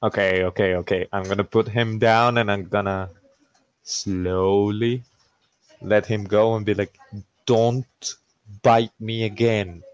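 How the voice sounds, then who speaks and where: A laid-back man talking at a slow, unhurried pace as a player in a tabletop game. His voice sits fairly low, and the sound is dry and close with little room echo. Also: fairly even intonation, clear, resonant tone.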